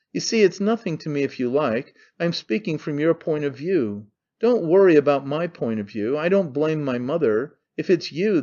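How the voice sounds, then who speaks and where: A man's voice: a little high, mellow, muffled recording, natural voice. A man voicing a brash young man who mocks his father in an offhand, needling way. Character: young man, mocking, cynical, brash son.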